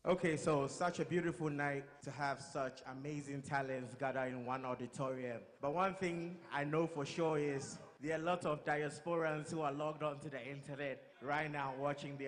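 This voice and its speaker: A man speaks at an award show, rallying listeners with an urgent appeal. His voice is a touch higher than most men's. Long reverb trails from the auditorium. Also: a bit bright. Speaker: music executive. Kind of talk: award acceptance speech.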